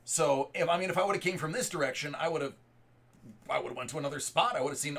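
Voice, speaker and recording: Thirtyish guy streaming live, rambly story, lots of restarts, kinda high bright voice. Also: fast talker, vocal fry, slightly rough. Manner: rambling, restarts and repeated words. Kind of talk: casual storytelling to live chat.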